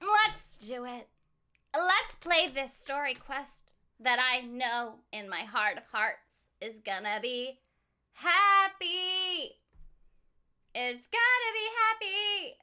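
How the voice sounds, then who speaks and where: A woman's voice: high voice, very animated, slow, pushed and bright, smooth. A woman voice actor chatting with viewers on a casual game stream in a bubbly, giggly way.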